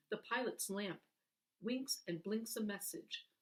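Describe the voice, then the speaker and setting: A woman reading a children's book aloud in an expressive, animated way, with dramatic pauses. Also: on the high side. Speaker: reader. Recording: voice heard from a distance.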